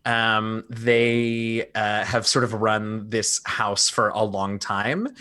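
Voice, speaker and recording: A man's voice: fairly low pitch, flat delivery, slow, bright, forceful tone. A man playing in a tabletop role-playing game, describing his character in a rambling, hesitant way with many fillers. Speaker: player. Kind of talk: casual tabletop role-play chat.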